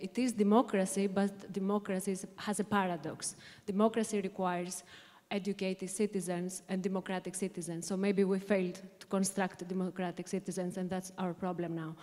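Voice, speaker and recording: A woman's voice: mid-range voice, little pitch movement, moderate pace, darkish tone. A young woman from Greece and Albania in the audience asking a panel a question, hesitant with many fillers. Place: large conference hall. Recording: long hall reverb.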